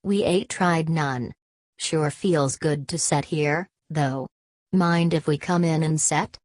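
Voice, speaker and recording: A woman's voice: low-pitched, slow pace, darkish tone, no echo. A woman reading the part of a blunt, restless young man who speaks in plain country talk, in an audiobook.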